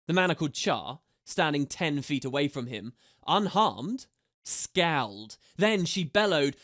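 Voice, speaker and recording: Man narrating an audiobook, pitched a little high. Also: fairly bright tone. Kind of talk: audiobook reading.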